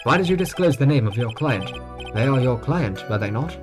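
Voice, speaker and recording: Formal male prosecutor read by a man, middle pitch, over game music. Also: lively intonation, a little fast, natural voice. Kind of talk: reading game dialogue aloud.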